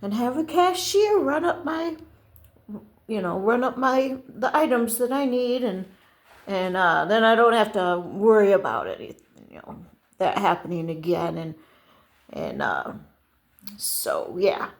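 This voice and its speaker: An older woman telling a casual rambling story to camera, halting and restarting often. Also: mid-range voice, expressive. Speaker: vlogger.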